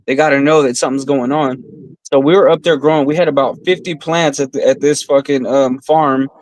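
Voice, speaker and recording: A man's voice: mid-range voice, steady tone, brisk, darkish tone, no room sound, rough recording. A man co-hosting a podcast, telling rambling stories in casual chat, swearing a lot and calling everyone bro. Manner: profane, storytelling, says bro often. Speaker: podcast co-host.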